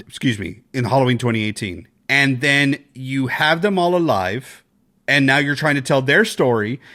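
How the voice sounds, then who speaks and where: A man co-hosting a casual podcast, talking in an animated, excitable way and swearing freely. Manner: animated, excitable, swears, jumps to high pitch when quoting. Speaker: podcast co-host.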